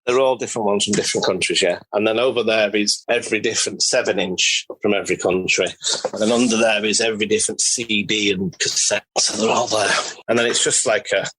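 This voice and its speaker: Guest voice: husky, low-leaning man from England, lively anecdotes with acted-out quotes, casual and a bit sweary. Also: a little fast, rough recording. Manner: animated storyteller, swears, acts out quotes. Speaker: guest, collector. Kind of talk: casual interview chat. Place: home studio with archive.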